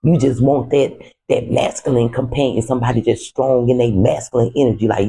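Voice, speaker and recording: A man reads tarot cards in a loose, conversational way. His voice is gravelly and husky. He sounds relaxed and talks straight to his viewers. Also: mid-range voice, a little fast, low-quality recording. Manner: relaxed, conversational, speaks to viewers as "you" and "the collective". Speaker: tarot reader. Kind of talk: casual spoken tarot reading.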